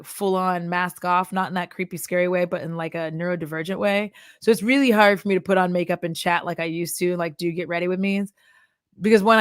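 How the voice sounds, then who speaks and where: A woman in her thirties with a lowish voice does a casual chat vlog while putting on makeup, talking bluntly, swearing freely and laughing a lot. She's a beauty content creator turned chat vlogger, and the studio sound is clean with no echo.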